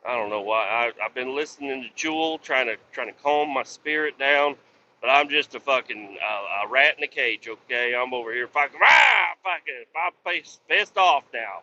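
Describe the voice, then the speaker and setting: Trucker man filming in his cab: sharp-toned voice, constant cursing, muffled lo-fi sound, faint engine hum behind. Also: mid-range voice, normal speed. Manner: profane, ranting at other drivers. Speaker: truck driver. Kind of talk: casual driving vlog. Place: inside a truck cab on the highway.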